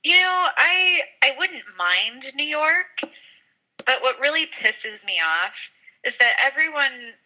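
A woman's voice: fairly high pitch, bright, forceful tone, rough recording. A woman co-hosting a podcast remotely, making dry, teasing jokes in casual chat. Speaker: podcast co-host.

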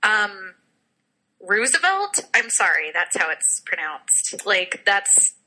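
A woman chatting casually as a podcast co-host. Her voice is very bright and sharp. She talks freely, laughs often and pokes fun at herself. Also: fairly low pitch, takes it slowly, rough recording. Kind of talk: casual chat.

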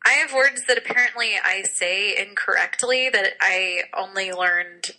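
A woman's voice: medium pitch, a little slow, sharp tone, poor audio. A woman co-hosting a podcast in casual chat, talkative and self-deprecating, laughing often. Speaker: podcast co-host.

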